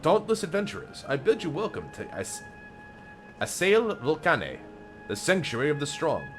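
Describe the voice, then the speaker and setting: A man's voice: fairly high pitch, sing-song, normal speed, faint music behind, voice pushed up. A man voicing a male arena herald who grandly welcomes fighters in a declaiming, pompous voice. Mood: grandiose.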